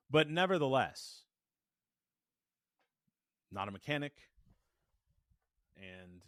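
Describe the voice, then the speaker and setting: A man's voice: mid-range voice, a bit bright, dry recording. A man teaching voice technique in a podcast lesson, demonstrating shifts between chest voice and head voice into a good studio microphone. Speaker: voice coach.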